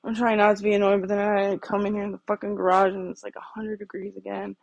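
A woman's voice: medium pitch, flat delivery, quick pace, gravelly, no room sound, highs cut off. A woman hosting a podcast, talking casually and bluntly on her own in a garage, swearing heavily as she rants. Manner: blunt, heavily profane, ranting. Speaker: podcast host. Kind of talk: casual solo monologue.

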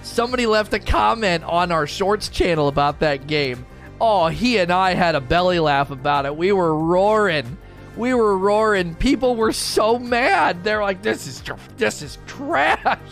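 A man with a high, very lively voice in a relaxed, unhurried gaming chat. He laughs often and repeats himself as he talks. Faint music plays underneath. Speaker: gaming YouTuber.

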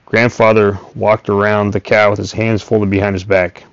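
A man reading a first-person story aloud in a steady, plain way. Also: fairly low pitch, moderate pace, few pauses, smooth, no room sound. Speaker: audiobook reader. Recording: dull, dry recording.

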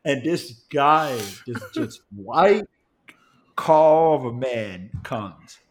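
A young man tells a story on a casual podcast, his pitch swinging widely as he gets worked up. He swears freely and breaks into laughter mid-sentence. His voice sits in an ordinary middle register. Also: extremely slow, a little hiss or hum. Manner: profane, animated, laughs while telling. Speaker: podcast co-host.

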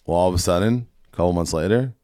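A man's voice: low voice, fast talker, darkish tone, no room sound, studio quality. A man hosting a podcast, ranting casually and emphatically with plenty of profanity. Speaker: podcast host. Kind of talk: casual opinionated podcast rant.

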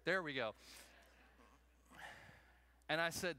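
A man preaching a sermon to a congregation, animated, acting out little scenes in raised voices. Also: mid-range voice, moderate pace, long pauses. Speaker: pastor.

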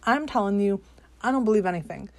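A woman's voice: mid-range voice, expressive, fast talker, darkish tone, no echo. A woman hosting a podcast, delivering a profane, skeptical political rant with exasperated outbursts. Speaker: podcast host. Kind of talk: ranting political monologue.

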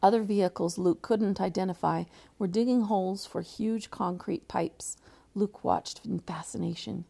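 A woman's voice: medium pitch, moderate pace, gravelly, warm tone. A woman teacher reading a novel aloud, with frequent slips and restarts.

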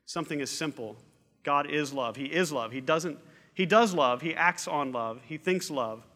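Man, middle-aged, pastor, sermon, earnest, repetitive emphasis, bright voice, long hall reverb. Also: a little high, moderate pace. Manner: earnest, repeats phrases for emphasis.

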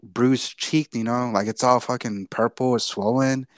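A man's voice: mid-range voice, steady tone, moderate pace, dry recording, studio quality. A young man from Texas telling a long personal story on a podcast, casual and profane, often repeating himself. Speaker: podcast co-host.

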